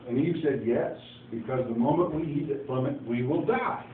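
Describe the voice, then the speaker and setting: A man's voice: a little high, a little slow, few pauses, phone-quality sound. Folksy male preacher, echoey phone recording. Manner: folksy storyteller, acting out dialogue with asides. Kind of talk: informal Bible teaching. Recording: echoey, distant phone recording with faint noise.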